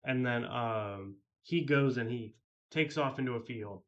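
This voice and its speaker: A man's voice: mid-range voice, unhurried, a bit bright, lo-fi sound. A man telling a story in a casual vlog, rambling and heavily profane with many fillers. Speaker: vlogger.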